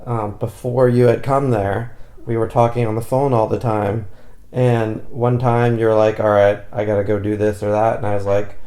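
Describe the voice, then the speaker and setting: A man's voice: on the low side, little pitch movement, normal speed, background noise. A man co-hosting a podcast, telling an amused, playful story in casual chat. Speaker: podcast co-host.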